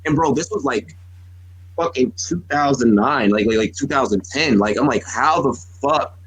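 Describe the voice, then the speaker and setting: A man's voice: medium pitch, moderate pace, slightly rough, no echo, rough recording. A man in his thirties, a podcast co-host, telling rambling, profane stories in casual sports talk, full of restarts. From United States.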